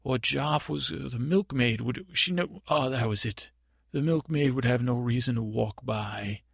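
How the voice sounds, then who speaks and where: Comedy improv: man as a naive young prince, halting and meandering, low-rasp fry, breathy edge. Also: fairly bright tone, dry recording, clean studio sound, exaggerated voice. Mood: rambling. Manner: halting, stammering, meandering storytelling. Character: timid naive boy prince, rambling and fearful. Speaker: improv comedy podcast performer. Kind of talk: improvised comic monologue.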